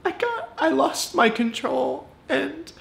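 A man voicing a whiny, over-the-top fake apologizer who wails in a high, squeaky, sob-broken voice for comic parody. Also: sing-song, slow pace, gravelly, a bit bright, echoey room, exaggerated voice. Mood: fake sobbing. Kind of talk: comedic parody.

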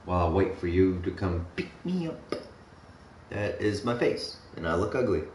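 Streaming a game, this young man talks in a deep, sing-song, slightly mellow voice at normal speed. His rambling chat is packed with swearing and fillers, and the audio comes from a distant mic in an echoey room with faint noise.

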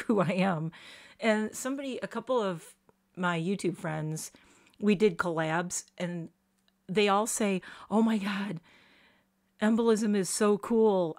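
A middle-aged woman with a slight lisp, chatting casually and rambling through a live makeup stream, self-deprecating and full of fillers. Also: fairly low pitch. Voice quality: slight lisp on her S sounds. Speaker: beauty vlogger doing a live stream.

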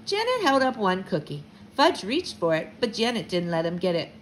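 A fourth-grade teacher reads a children's novel aloud from her living room in a very animated, up-and-down voice. Her pitch sits in the middle for a woman, and a faint hum of home ambience stays behind her. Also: moderate pace, poor audio. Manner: warm teacherly read-aloud, lively. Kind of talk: reading a children's book aloud.

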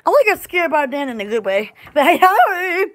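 A woman's voice: high-pitched, sing-song, fairly quick. A woman chatting casually on a live store video, giggly and silly, drawing out words playfully. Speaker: store vlogger.

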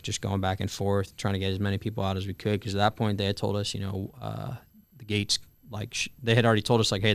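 Young male storyteller, clear and resonant, flat delivery, swears freely, on a dry close mic. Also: on the low side, no echo. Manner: frequent fillers and swearing, acts out quoted dialogue. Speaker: Marine telling his story as a podcast guest. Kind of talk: casual conversational storytelling.

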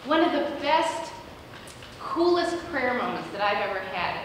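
A woman pastor preaching a sermon, telling a story with lively acted-out quotes. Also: on the high side, unhurried, recorded from a distance, a little hiss or hum. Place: large church sanctuary. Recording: echoey church hall recorded from afar.

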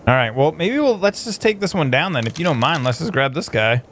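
Male gaming host, higher voice, lively goofy banter, faint noise behind. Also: fairly quick. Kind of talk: casual gameplay commentary.

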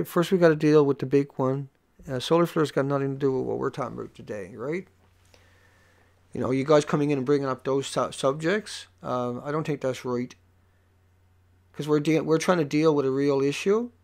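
A livestream host delivering an angry, profane rant at viewers, dropping to low muttering and then rising to yelling. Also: moderate pace, vocal fry.

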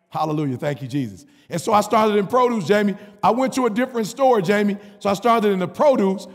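High, raspy-edged male preacher, animated storytelling with call-and-response, in a reverberant hall. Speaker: pastor. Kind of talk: sermon storytelling.

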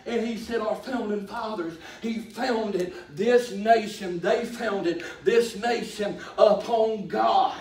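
A middle-aged man preaching a sermon in a folksy way, rising to drawn-out shouts. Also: sits high. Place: church sanctuary. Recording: echoey church from far off.

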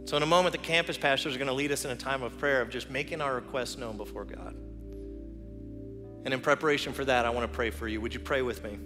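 A man's voice: medium pitch, quick pace, faint music behind. Man preaching in a reverberant church hall. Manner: earnest, personal storytelling with soft prayer. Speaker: teaching pastor. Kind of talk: sermon. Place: church sanctuary.

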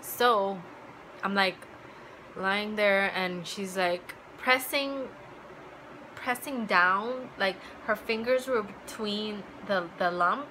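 A young woman tells a personal story to her vlog audience, her voice bright and forward. She talks loosely, stacks up "like" fillers and slips into remembered dialogue. A light hiss sits under the recording. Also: medium pitch, slow pace, low-quality recording. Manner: chatty, full of "like" fillers, acts out remembered dialogue. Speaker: vlogger.

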